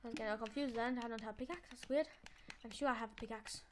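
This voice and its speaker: A woman's voice: a little high, steady tone, quick pace, slight background noise. A woman giving chatty let's-play commentary, talking to herself as she builds and playfully gloating at the game. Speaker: gameplay channel host.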